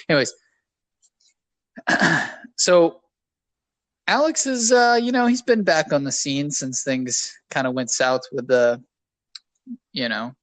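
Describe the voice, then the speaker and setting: A man's voice: medium pitch, fairly bright tone, dry recording. Rambling, self-deprecating man co-hosting. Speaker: podcast co-host. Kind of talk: casual podcast chat.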